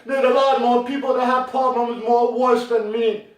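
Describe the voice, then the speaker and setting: A man's voice: very high-pitched, level tone, moderate pace. A man making a rambling, indignant plea to camera, often stumbling and repeating his words. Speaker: aggrieved dog owner. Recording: very echoey, from far off.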